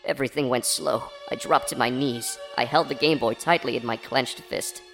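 A man narrating an absurd horror story parody in a deadpan storytelling manner. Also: mid-range voice, moderate pace, creaky. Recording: faint background music.

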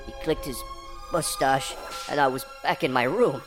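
A man narrating an absurd horror story parody in a deadpan storytelling manner. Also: mid-range voice, moderate pace. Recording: faint background music.

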